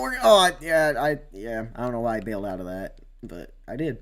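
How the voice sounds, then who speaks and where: Male streamer calling his own sim race, casual and rambling, mid-pitched, faint background hiss. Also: a little fast, few pauses. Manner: rambling, many fillers, sudden excited outbursts.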